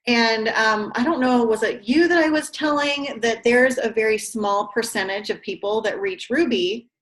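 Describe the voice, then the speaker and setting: A woman leading a team training call, asking questions and offering encouragement with quick asides. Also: fairly high pitch, fairly bright tone, rough recording. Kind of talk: interviewing, coaching.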